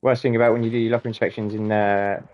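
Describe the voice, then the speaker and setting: A man's voice: on the low side, little pitch movement, quick pace, muffled recording. A young man swearing freely and laughing as he tells rambling stories while gaming. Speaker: gaming channel host. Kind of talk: casual storytelling while gaming.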